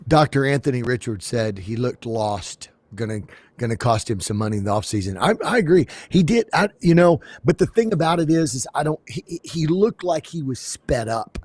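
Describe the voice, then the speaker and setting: A man's voice: medium pitch, normal speed, no echo. A man co-hosting a podcast, chatting casually about sports with frequent restarts and playful impressions. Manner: animated, restarts, breaks into comic impressions. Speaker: podcast co-host.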